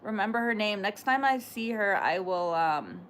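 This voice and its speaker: A woman's voice: mid-range voice, expressive, normal speed, fairly bright tone, a little hiss or hum. A woman livestreaming, chatting casually with her viewers and answering comments in a rambling way, full of fillers. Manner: rambling, filler-heavy, talks back to chat. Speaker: livestreamer reading chat.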